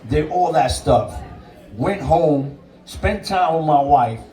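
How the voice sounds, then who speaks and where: A man with a fairly high, expressive, mellow voice speaks slowly from a distance, the room audible around him. He's a DJ guesting on an interview, telling his own story candidly, bluntly and emphatically, swearing freely.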